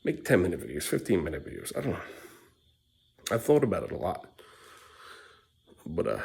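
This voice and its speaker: Gravelly low-voiced dad rambling on camera. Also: male voice. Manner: candid, rambling and blunt, with swearing and laughs. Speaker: dad vlogger. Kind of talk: rambling personal vlog monologue.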